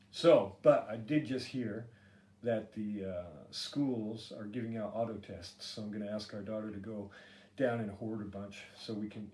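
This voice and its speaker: A man's voice: lowish voice, a little mellow. Rambling, sarcastic middle-aged man podcasting. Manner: rambling, sarcastic, swears freely. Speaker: podcast host. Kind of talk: solo podcast monologue. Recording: echoey room with faint ambient noise.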